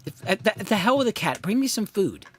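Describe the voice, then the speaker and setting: A man's voice: sits high, sing-song, fast, a little hiss or hum. A man hosting a casual live stream from his home mixing studio, thinking aloud and rambling in a self-deprecating way, with lots of ums.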